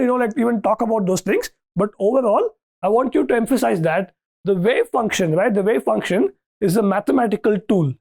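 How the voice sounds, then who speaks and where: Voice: mid-range voice, a little mellow. A lecturer giving a university lecture, thinking aloud with restarts and often asking "okay, right?" to check that students follow.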